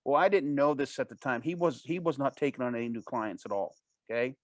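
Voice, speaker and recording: Here a man recounts a personal anecdote as an interview guest, lively, quick and informal. He keeps backtracking and starting over. The mid-range voice is recorded without echo.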